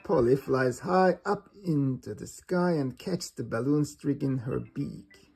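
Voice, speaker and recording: Slow, husky male reader for a kids' storybook, faint music behind. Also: mid-range voice, lively intonation, darkish tone. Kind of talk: reading a storybook aloud.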